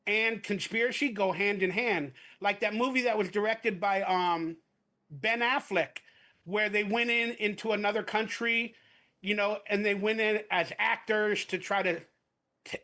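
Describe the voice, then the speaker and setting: A man's voice: high-pitched, pushed and bright. A man, a podcast guest and actor, talking in a rambling, speculative way and posing hypotheticals in casual chat.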